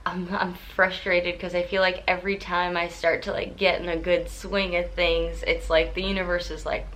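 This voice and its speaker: A woman's voice: mid-range voice, a little slow, a bit bright, poor audio. A woman in her thirties talking candidly in a casual diary vlog, rambling and self-deprecating, with lots of fillers. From California. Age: 30s. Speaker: vlogger. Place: at home and in a car.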